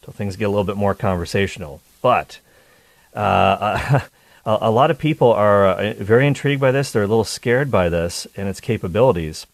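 A man's voice: on the low side, animated, moderate pace, creaky, dry recording. A man hosting a call-in radio talk show, chatty and joking with his listeners. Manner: chatty, jokey, upbeat.

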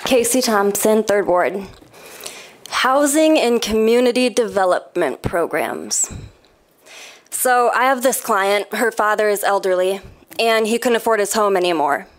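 A woman's voice: medium pitch, lively intonation, a little slow. A woman giving an impassioned public comment at a city council meeting, telling a pointed story.

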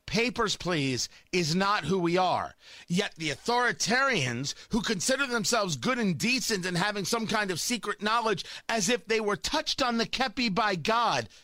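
A man's voice: high-pitched, lively intonation, moderate pace, sharp tone, dry recording. A man delivering a sarcastic, combative opinion monologue as a talk show host.

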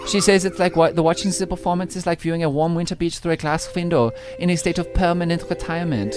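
A man voicing an excitable German man in his late twenties with a German accent, gossiping in scandalized, broken phrasing over a music bed. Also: sits high, lightly acted. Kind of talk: comic character bit on breakfast radio.

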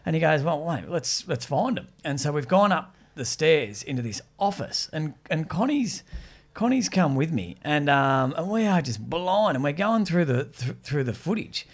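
A man, a podcast host, telling stories in casual chat with an animated manner, often laughing. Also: a little high, normal speed.

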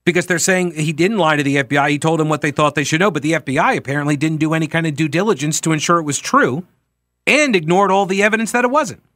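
A man with a fairly high voice delivers a political talk radio monologue. He is emphatic and conversational, and he corrects himself on air. The sound is dry and close, with no room around it. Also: fast talker, a bit bright, no room sound. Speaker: radio talk show host.

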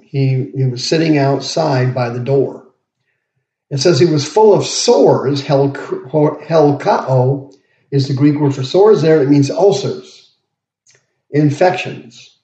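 A man preaching a verse-by-verse sermon, slowly explaining each word as he goes. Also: medium pitch, dark tone. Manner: slow, deliberate, pauses to explain words. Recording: roomy, dull lo-fi podcast audio.

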